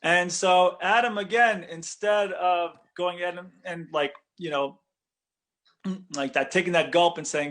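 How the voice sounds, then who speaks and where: A man with a high, bright-toned voice teaches a Torah lesson like a rabbi talking to a room of friends. He is conversational and animated, stopping often to ask "right?" and restarting his sentences as his thoughts race ahead. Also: moderate pace. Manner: conversational, with frequent "right?" check-ins and restarts.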